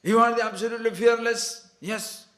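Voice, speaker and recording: A man's voice: extremely high pitch, steady tone, moderate pace, sharp tone, roomy sound. A man giving a scripture discourse to a class as a spiritual teacher, emphatic and full of rhetorical questions.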